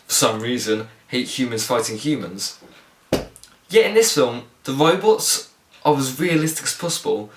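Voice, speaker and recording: A man's voice: mid-range voice, a bit bright, reverberant. A young man giving a blunt, sarcastic film review, ranting in exasperation from his bedroom. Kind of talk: casual film review monologue.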